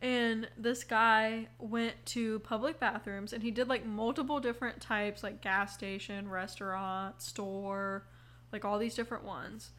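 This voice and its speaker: A young woman chats loosely into her podcast mic, with plenty of fillers and the odd casual swear. She yawns between thoughts and drifts from one story to the next at an easy, unhurried pace. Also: fairly high pitch, steady tone, a bit bright. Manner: rambling, lots of "like", yawning, swears casually. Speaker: podcast host. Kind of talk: casual chat. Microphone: headphones on, recording mic.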